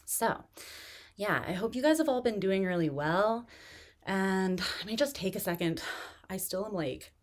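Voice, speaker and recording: A woman hosts a tarot live stream, chatting casually in a relaxed, rambling way full of fillers. She's still recovering from pneumonia and paces herself to catch her breath. Her voice is mid-range and her pace moderate.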